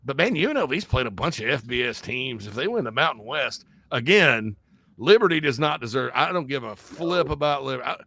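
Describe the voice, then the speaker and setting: A man co-hosting a casual sports talk show, rambling and joking with sudden jumps in pitch. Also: lively intonation, brisk, sharp tone, no echo.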